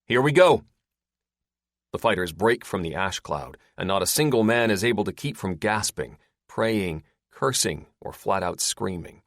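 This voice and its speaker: A male audiobook narrator reads a dramatic action passage. His voice sits low but moves with a lively swing, recorded dry and close. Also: normal speed, hardly any pauses, no echo. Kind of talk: scripted narration.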